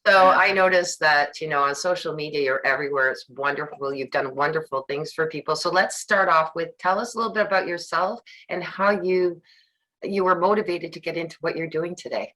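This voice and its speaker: A woman hosting a podcast, introducing her guest and asking questions in an encouraging, slightly halting way. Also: sits low, sharp tone, poor audio. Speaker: podcast host. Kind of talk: interview hosting.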